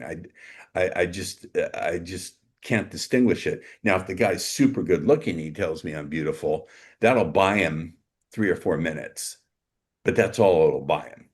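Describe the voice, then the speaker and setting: Deep-voiced man, blunt and mocking. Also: normal speed. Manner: blunt, mocking about rivals. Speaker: dating coach, panel guest. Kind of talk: casual panel chat.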